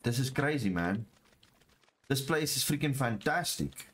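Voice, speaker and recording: Excitable man streaming a game. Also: a little slow. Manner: excitable, repeats phrases, talks to chat; jumps from low murmurs to high excited shouts. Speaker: gaming streamer. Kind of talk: live gameplay commentary.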